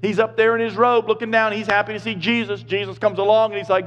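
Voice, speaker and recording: A male pastor preaching a sermon, swinging from loud, emphatic points to quiet, low asides. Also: little pitch movement, fast talker, hardly any pauses. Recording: echoey hall, slightly dull sound.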